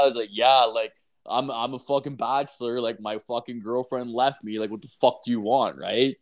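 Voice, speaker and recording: A young man, rambling and profane, telling an animated anecdote in casual chat with filler words everywhere. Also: medium pitch, fairly quick. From Canada. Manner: animated, acts out voices in anecdotes.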